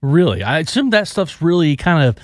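A man's voice: a little high, very animated, moderate pace, dry recording, clean studio sound. A man hosting a morning radio talk show, joking easily with his guests. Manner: jokey, upbeat. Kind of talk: casual radio interview chat.

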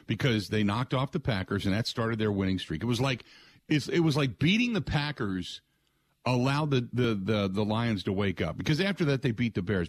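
A middle-aged man hosting sports talk radio, excitable and rambling, often putting on other people's voices. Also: on the low side, no room sound. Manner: excitable, mimics voices, frequent restarts.

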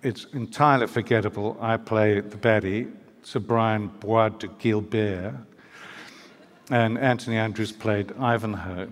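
A man's voice: on the low side, steady tone, measured pace. An older man from New Zealand, a guest author telling stories at a live book talk in a wry, hesitant way, with many fillers and restarts. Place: live event venue. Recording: reverberant hall.

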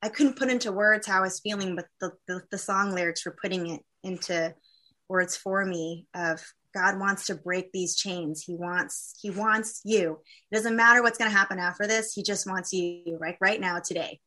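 A woman with a bright, forward voice and middle pitch tells her faith story as a guest. She talks candidly and haltingly, with many fillers and restarts. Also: steady tone. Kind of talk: personal testimony in a conversation.

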